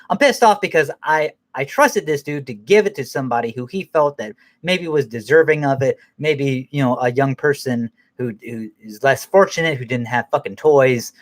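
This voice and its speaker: A man's voice: medium pitch, lively intonation, moderate pace. A man hosting a podcast who rambles through an angry, profane rant and laughs at himself now and then. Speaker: podcast host.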